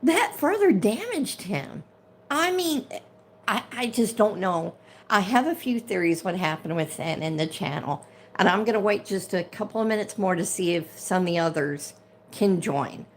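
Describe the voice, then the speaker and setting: A woman's voice: fairly low pitch, moderate pace, slight background noise. A woman hosting a casual livestream, ranting with indignation and greeting viewers by name as they join. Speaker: livestream host.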